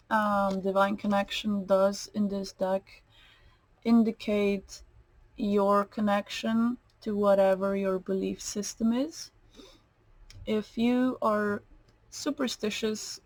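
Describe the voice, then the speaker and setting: A woman's voice: mid-range voice, a little mellow, no echo, low-quality recording. A woman giving a tarot card reading, slightly nasal, meandering, with many fillers and restarts. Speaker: tarot reader.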